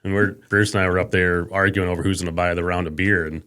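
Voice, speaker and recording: Male guest, very deep voice, quick talker, easygoing storyteller. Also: fairly even intonation, a bit bright, smooth. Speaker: podcast guest, fruit grower. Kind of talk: casual chat.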